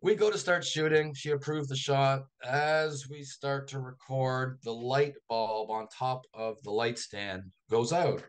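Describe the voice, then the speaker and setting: A male author, a guest on a radio interview, telling a long anecdote in a lively raconteur's manner. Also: medium pitch, a little slow, few pauses. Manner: lively raconteur, acts out quoted voices.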